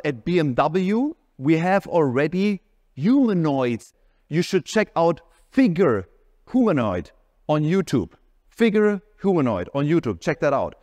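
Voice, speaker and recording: Energetic man in a reverberant hall. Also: a little high. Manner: energetic, emphatic, sometimes shouting. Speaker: keynote speaker. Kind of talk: keynote speech.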